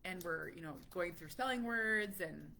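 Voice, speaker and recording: Bright-voiced chatty mom vlogger. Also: female voice, fairly low pitch, moderate pace, gravelly, slight background noise. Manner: chatty, animated, laughs often. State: slightly stuffy from a cold. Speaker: parent vlogger. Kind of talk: casual chat.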